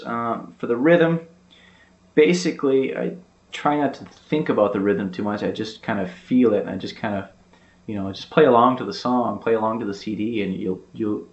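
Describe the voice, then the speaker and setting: A man giving a casual guitar lesson, explaining step by step in an easygoing way with lots of fillers. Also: mid-range voice. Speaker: guitar teacher. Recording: roomy, dull sound with loud guitar.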